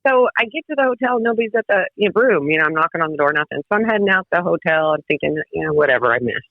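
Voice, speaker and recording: Lively woman telling stories on a phone line. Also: on the low side, very fast, no room sound. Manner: lively, laughing, swearing freely. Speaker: guest. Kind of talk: casual storytelling. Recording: tinny phone-like line, dry.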